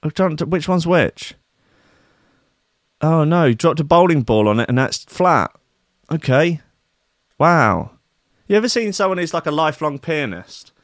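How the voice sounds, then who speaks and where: A man's voice: fairly low pitch, dry recording, clean studio sound. A man hosting a comedic news commentary, reading stories aloud with sarcastic, crude, rambling asides. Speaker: host.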